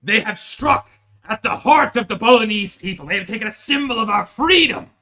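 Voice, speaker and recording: A man's voice: high voice, animated, brisk, sharp tone, pitched above the performer's own voice, heavily acted. A man playing outraged, indignant medieval townsmen. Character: indignant, offended medieval Bolognese townsmen, male.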